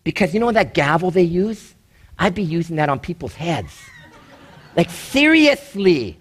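A middle-aged man from Canada delivers a casual, joking sermon in a high-pitched voice. He keeps it conversational and slips into quick impressions of the people in his stories. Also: expressive, breathy edge. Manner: conversational, jokey, acts out quoted voices. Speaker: pastor.

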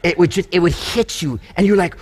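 A male preacher with a fairly high voice delivers a sermon. He tells stories with energy and acts out the lines of the people he quotes. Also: fairly quick. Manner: animated, storytelling preacher who acts out quotes. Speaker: pastor.

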